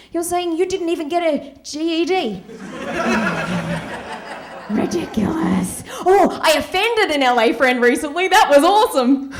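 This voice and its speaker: A woman performing stand-up on a club stage, mocking club girls with sarcastic impressions. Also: sits high. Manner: mocking valley-girl impressions, sarcastic punchlines. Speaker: stand-up comedian. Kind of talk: stand-up set.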